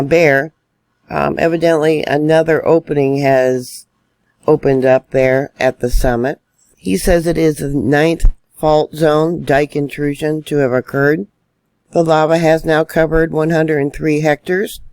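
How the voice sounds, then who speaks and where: A man's voice: on the high side, a little mellow, smooth, dry recording. A man giving solo online news commentary, indignant and emphatic as he stresses warnings.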